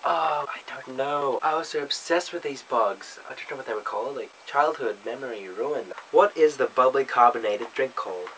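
For his casual accent tag video, a young Australian vlogger with an Australian accent reads a word list and answers questions, adding playful self-deprecating remarks. His medium-pitched voice is animated and a bit bright, at a moderate pace with few pauses. It's a low-quality recording with a little hiss or hum.

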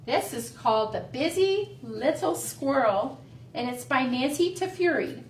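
A high-voiced woman reads to small children slowly and gently, with a sing-song lilt. She is heard from across an echoey library room, a little off mic. A faint hiss sits under her voice. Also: expressive. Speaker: children's librarian leading storytime. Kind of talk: reading aloud to young children. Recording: echoey room, voice caught from a distance.

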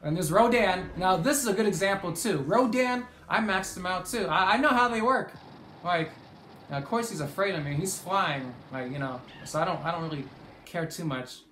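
A gaming commentator giving casual gameplay commentary, excitable, swearing often and shouting at big moments. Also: mid-range voice, normal speed, echoey room, slight background noise.

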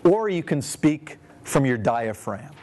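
A man's voice: medium pitch, big pitch swings, slow pace, darkish tone. A man teaching communication skills in a training lecture, demonstrating vocal techniques and quizzing his audience. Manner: demonstrative, poses questions to the audience; shifts his voice to show each tonality.

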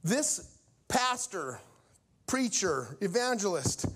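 High voiced guy preaching, telling a story, acts out all the parts. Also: slow, breathy edge. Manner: animated, acts out each character's lines. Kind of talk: storytelling sermon.

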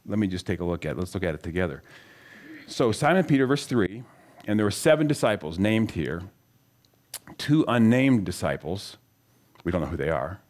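A man's voice: low-pitched, big pitch swings, normal speed, long pauses, a little mellow. Earnest man teaching scripture to an audience. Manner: asks the audience questions, storytelling, earnest. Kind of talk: conversational Bible teaching.

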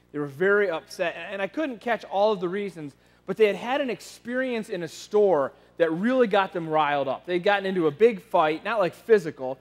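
A man telling a story from the pulpit, his voice high for a man and relaxed, often stumbling and restarting mid-phrase. The sound carries a long reverb, as if the sermon fills a large hall. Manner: conversational, frequent restarts and repeated words. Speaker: pastor.

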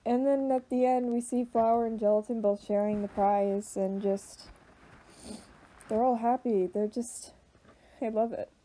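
A young woman giving emotional reaction commentary, choked up and halting, with many fillers and restarts. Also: a little high, fairly even intonation, mellow, poor audio. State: choked up, voice tearful. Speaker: video reactor.

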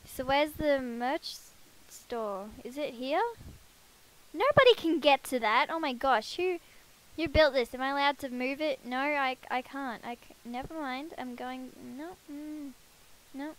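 Woman gamer on a headset, high-pitched voice, casual self-deprecating commentary. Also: measured pace, slight background noise, low-quality recording. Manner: chatty, self-deprecating, talks to her game characters. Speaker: let's play gamer.

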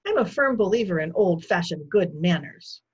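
A woman voicing a pompous, booming middle-aged man who lectures about manners. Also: expressive, moderate pace, slightly rough, muffled recording. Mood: blustering. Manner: booming, self-important. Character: pompous middle-aged male guest, blustering.

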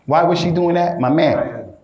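Brief: male preacher, lively street-talk sermon, higher voice, echoey room. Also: measured pace, lo-fi sound. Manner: animated, street-slang, keeps addressing listeners as "man". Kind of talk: informal sermon.

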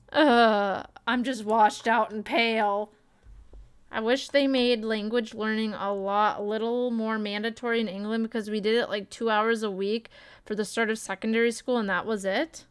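A young woman streaming, chatting casually and joking at her own expense while she thinks out loud. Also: a little high, smooth, no room sound. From Canada. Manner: chatty and self-mocking, thinking aloud. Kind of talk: casual live-stream chat.

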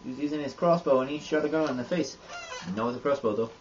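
A man's voice: mid-range voice, fast, lightly acted. A man putting on a rambling Irishman with a crude, boastful swagger. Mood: deadpan rambling. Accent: put-on Irish. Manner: rambling absurd deadpan monologue. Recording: dull lo-fi audio with faint noise.

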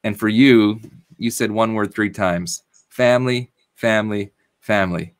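A man's voice: lowish voice, steady tone, a little slow. A man, a rabbi, hosting an interview and asking long, conversational questions.

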